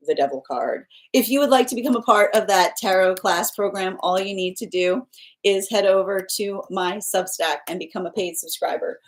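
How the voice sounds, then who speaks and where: A young woman who reads tarot and hosts livestreams talks casually with viewers at a moderate pace, in a medium-pitched voice. Her speech is full of laughter and frequent restarts.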